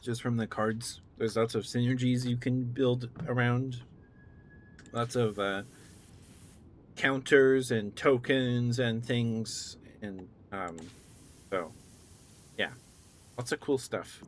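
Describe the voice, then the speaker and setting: A man's voice: medium pitch, steady tone, slow pace, pauses often, slight background noise. Groggy laid-back male streamer. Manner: laid-back, chatty, thanks viewers. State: groggy morning voice. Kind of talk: casual live-stream chat.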